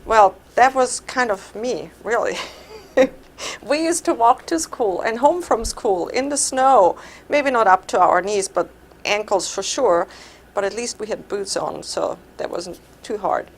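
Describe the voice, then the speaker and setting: A middle-aged Austrian woman with an Austrian German accent gives a conversational personal speech at a club meeting, laughing now and then as she tells stories. Her voice is medium-pitched and a little slow, with a little hiss or hum.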